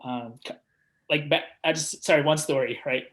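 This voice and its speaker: A man's voice: fairly high pitch, steady tone, normal speed, fairly bright tone. A man, a performance coach, chatting energetically as a podcast guest and often checking in with "right?". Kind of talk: casual interview chat.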